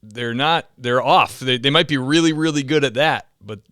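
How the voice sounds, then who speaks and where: A man hosting a podcast interview, reacting with quick remarks and laughter and asking follow-up questions. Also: mid-range voice, a bit bright, smooth, dry recording, studio quality. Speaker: podcast host. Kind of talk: casual interview chat.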